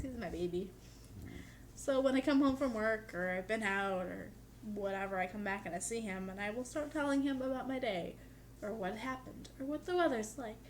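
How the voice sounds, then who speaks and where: A woman's voice: fairly high pitch, a little hiss or hum. Chatty young woman vlogger. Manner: chatty, peppered with "like". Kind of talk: casual chat to camera.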